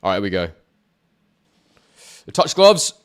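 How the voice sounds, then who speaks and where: A man commentating a boxing match live on his channel, chatting with viewers between quick play-by-play calls. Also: lowish voice, very animated, clear, resonant tone. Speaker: boxing YouTuber commentating a fight. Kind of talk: live watch-along commentary.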